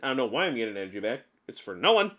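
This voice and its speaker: A man giving casual gameplay commentary on a card game, chatty and openly venting his frustrations with animated outbursts. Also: mid-range voice, very fast. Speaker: gaming channel host.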